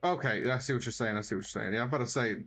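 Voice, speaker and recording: A man co-hosting a gaming podcast in casual chat, easygoing, often answering with quick short replies. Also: medium pitch, fairly bright tone. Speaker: podcast co-host.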